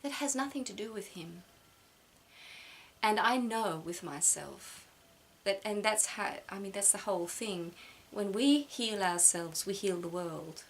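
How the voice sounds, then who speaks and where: A middle-aged woman talks through a personal reflection to the camera, stumbling over words and starting her sentences again. She sounds close to tears, and her voice sits in an ordinary middle pitch. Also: a little hiss or hum. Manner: halting, repeats words, emotional. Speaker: vlogger.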